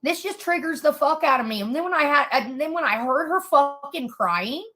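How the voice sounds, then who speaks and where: A woman's voice: sits high, expressive, normal speed, fairly bright tone. A woman in an angry, profane rant, furious and swearing hard.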